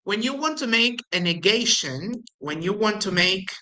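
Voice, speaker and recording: A woman with an Argentine Spanish accent teaching English grammar, slowly explaining and repeating example sentences with exaggerated intonation. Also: mid-range voice, lively intonation, pushed and bright, rough recording. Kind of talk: recorded language lesson.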